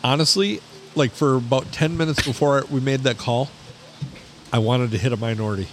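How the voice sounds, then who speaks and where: A man's voice: medium pitch, normal speed, a little hiss or hum. A man co-hosting a casual podcast, talking in a laid-back, wry way with his friends. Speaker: podcast co-host. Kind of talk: casual banter.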